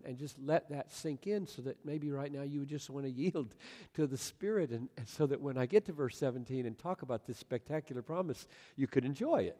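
A man preaching a sermon in a large hall, swinging from loud exclamations to soft near-whispers. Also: medium pitch. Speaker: pastor. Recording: long hall reverb.

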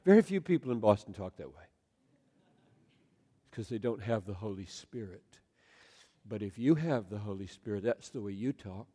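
A man preaching a sermon in a large hall, swinging from loud exclamations to soft near-whispers. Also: lowish voice, normal speed, long pauses, breathy edge. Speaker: pastor. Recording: long hall reverb.

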